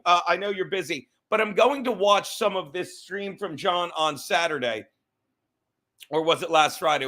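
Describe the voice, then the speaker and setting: A man's voice: sits high, pushed and bright. A man hosting a livestream, ranting casually in a profane, rambling way and getting easily sidetracked. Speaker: livestream host.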